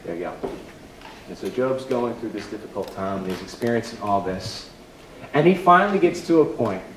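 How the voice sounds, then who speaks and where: A man's voice: lowish voice, lively intonation, moderate pace, noisy background. A man preaching a sermon as a pastor, in a conversational, emphatic and self-deprecating way. It sounds like an echoey church hall heard from a distance.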